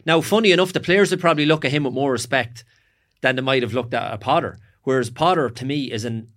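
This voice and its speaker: A man's voice: mid-range voice, fast, a bit bright. A man with an Irish accent, a football pundit giving frank, opinionated takes in a casual chat. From Ireland.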